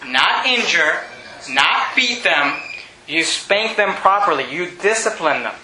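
A man preaching a sermon, emphatic and repetitive, often shouting. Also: high-pitched, expressive, slow pace, roomy sound, noisy background.

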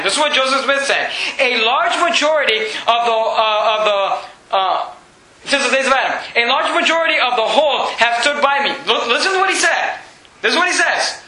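A man preaching a sermon in an animated, mocking way, often laughing as he talks. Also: extremely high pitch, moderate pace, roomy sound, rough recording.

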